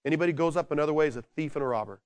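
Animated, fairly high-voiced male preacher. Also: smooth. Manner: animated, swinging from quiet emphasis to excited shouting; slows down to stress key words. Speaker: pastor. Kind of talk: sermon.

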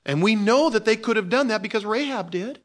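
A pastor with a high-sitting voice preaches at a fairly quick clip, animated and informal. He swings from loud exclamations to quiet asides, repeating words and starting over.

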